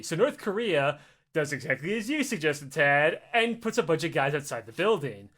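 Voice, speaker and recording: A man co-hosting a podcast, telling a story in an excitable, profane way and acting out its parts. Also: high-pitched, moderate pace. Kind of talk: animated storytelling.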